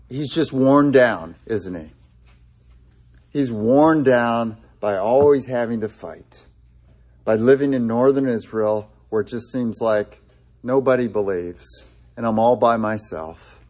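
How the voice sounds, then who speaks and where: A man's voice: mid-range voice, slow pace, pauses often, darkish tone. A man preaching a sermon in a conversational way, with frequent fillers and restarts, quoting scripture with feeling. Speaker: pastor.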